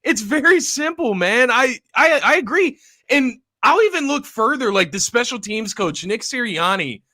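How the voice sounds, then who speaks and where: Young male co-host, easygoing, very bright high voice, dry. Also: animated, normal speed, dry recording. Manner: laid-back, laughing, agreeable. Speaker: podcast co-host. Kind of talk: casual sports talk.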